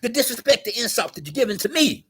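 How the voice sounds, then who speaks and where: A man doing a high husky rambling whiner. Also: very animated, a bit bright, heavily acted. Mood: rambling indignant. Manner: stammering repetitions and drawn-out pleading. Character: rambling, tearful, self-pitying young man. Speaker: vlogger. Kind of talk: satirical impression monologue.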